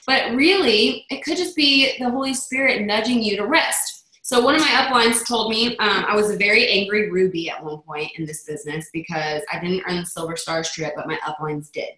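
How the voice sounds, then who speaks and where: A woman's voice: medium pitch, normal speed, few pauses, sharp tone, roomy sound, poor audio. A woman leading a motivational team call in a chatty manner, acting out the voices she quotes. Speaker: network marketing team leader.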